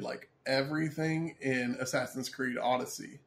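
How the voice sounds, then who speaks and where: A man co-hosting a casual gaming podcast, talking in a relaxed, rambling way. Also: medium pitch, unhurried, few pauses, slight background noise. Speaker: podcast co-host. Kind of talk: casual chat.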